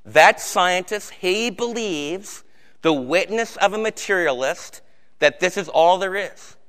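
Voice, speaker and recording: A man's voice: high voice, expressive, slow, fairly bright tone, clear, resonant tone. A man preaching a sermon as pastor, conversational, with rhetorical questions to the congregation. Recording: hall reverb.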